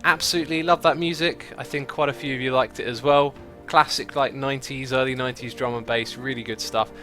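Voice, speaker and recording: A man's voice: medium pitch, steady tone, fairly quick, sharp tone, faint music behind. A man hosting a gaming livestream, chatting casually, laughing often and reading out donations and chat messages. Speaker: streamer host.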